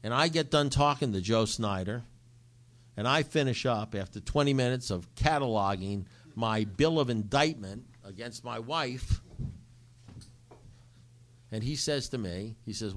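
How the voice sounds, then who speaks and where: Man, middle-aged, low voice, recovery-share storyteller who acts out both sides of conversations. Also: moderate pace. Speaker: recovery speaker. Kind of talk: recovery talk to a group.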